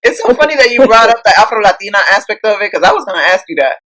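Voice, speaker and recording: A woman's voice: medium pitch, rough recording. A woman podcast co-host from Puerto Rico, chatting casually with slang and bits of Spanish. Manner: fast, expressive, mixes slang and Spanish.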